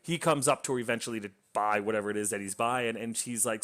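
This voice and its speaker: A man's voice: on the low side, quick pace, fairly bright tone. A man reviewing a book, casually retelling its plot in a rambling way with lots of fillers and restarts.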